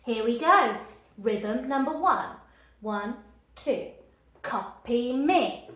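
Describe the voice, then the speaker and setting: A woman's voice: on the high side, lively intonation, extremely slow, fairly bright tone, roomy sound. A woman teaching a children's music lesson, encouraging and chanting rhythms for the class to clap along to. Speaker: primary school music teacher. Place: room with a screen behind her.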